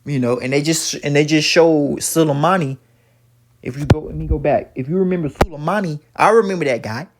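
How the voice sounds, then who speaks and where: A man's voice: on the high side, a little fast, background noise. A man giving profane, preachy religious commentary while reacting to a video, talking emphatically with many stammered restarts.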